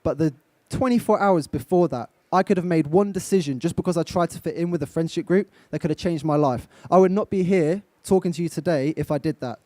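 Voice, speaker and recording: Speaking briskly and with few pauses, a young English motivational speaker addresses an event-stage audience live, coaching them directly and asking them questions. His mellow voice is on the high side, and the recording is dry.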